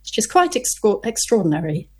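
Woman author guest, casual and chatty, laughs a lot, restarts her lines, middle pitch. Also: big pitch swings, normal speed, breathy edge. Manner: chatty, self-interrupting, laughs often. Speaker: crime novelist guest. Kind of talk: casual interview chat.

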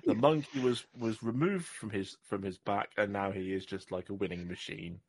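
A man's voice: on the low side, moderate pace. A man hosting a casual podcast, joking at his own expense and rambling between topics. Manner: jokey, self-deprecating, rambling. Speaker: podcast host.

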